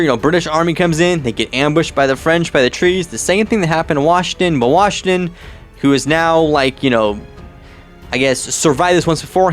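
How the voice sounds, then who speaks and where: Rambling young man with faint music. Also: on the high side. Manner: rambling, heavy on "like" and "you know", many restarts. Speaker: vlogger. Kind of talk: casual movie commentary vlog.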